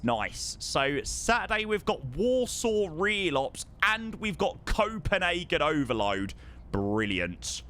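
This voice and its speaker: Man, livestreamer, fairly high voice, bouncy sing-song delivery, effusive, repeats his thanks over and over. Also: bright, forceful tone. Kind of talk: live stream chat over a flight simulator.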